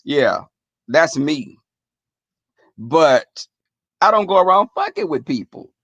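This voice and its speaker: Gravelly, profane man telling stories. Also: a little high, slow, no echo. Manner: profane, animated, laughing storyteller. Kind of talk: casual storytelling to a chat.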